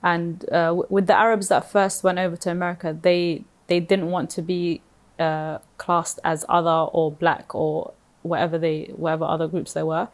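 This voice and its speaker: A young woman with a slightly low voice chats on a podcast. She sounds hesitant and inquisitive, filling her explanations with uhs and restarts. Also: flat delivery, normal speed. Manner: hesitant and questioning, many uhs. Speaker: podcast co-host. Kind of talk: casual chat.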